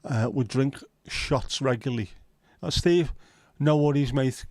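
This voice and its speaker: A man's voice: mid-range voice, unhurried, darkish tone, no room sound, clean studio sound. A middle-aged man, hosting a casual home livestream, chatting and reading out viewer comments with a sweary, easygoing manner. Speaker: livestream host. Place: at home, window nearby.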